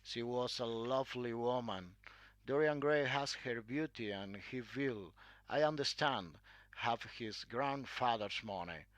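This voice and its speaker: A man's voice: mid-range voice, measured pace, a bit bright, no echo, natural voice. A man voicing a chatty, gossipy elderly aristocratic aunt in a read-aloud story.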